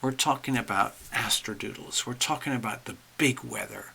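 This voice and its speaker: A man's voice: medium pitch, normal speed, vocal fry, few pauses, bright, forceful tone, husky. A man hosting a casual astrology livestream, chatting animatedly to viewers while drawing charts.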